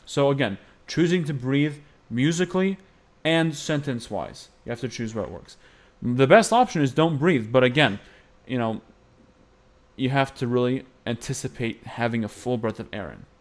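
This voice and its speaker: A man's voice: medium pitch, expressive, moderate pace. A man teaching Byzantine-style chant phrasing, explaining patiently and singing short phrases to demonstrate. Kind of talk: music lesson with sung demonstrations.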